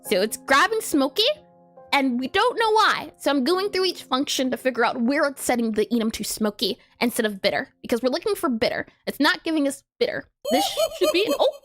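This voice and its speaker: A woman's voice: high-pitched, very animated, brisk, fairly bright tone, soft background music. A woman game developer on a casual live coding stream, giggling often and explaining her steps as she thinks aloud.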